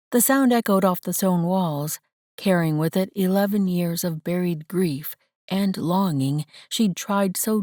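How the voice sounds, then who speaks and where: A woman narrating a romance audiobook in a measured, gentle storytelling manner, close to the mic. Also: lowish voice, no room sound. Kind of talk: scripted narration.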